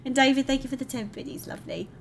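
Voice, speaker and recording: A woman talks on a live stream in a candid, rambling, emotional way, showering viewers with darlings and sweethearts. Her voice sits fairly high, with a faint hum behind her. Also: fairly even intonation, rapid-fire, vocal fry. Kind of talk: casual live-stream chat.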